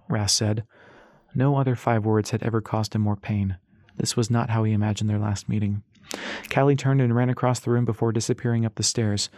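A man narrating an audiobook in a steady storytelling manner. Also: on the low side, brisk, no room sound, clean studio sound. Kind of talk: scripted narration.

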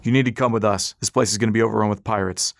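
A man's voice: fairly low pitch, fairly even intonation, very fast, creaky, no room sound. A man voicing a stern male soldier in an audiobook, giving clipped orders. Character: stern male collective soldier, curt and commanding. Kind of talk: audiobook character voice.

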